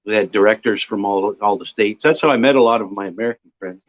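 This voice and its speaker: A man from Ontario, a guest casually telling a long, rambling anecdote with filler pauses. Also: fairly low pitch. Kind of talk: casual storytelling. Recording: dull lo-fi audio.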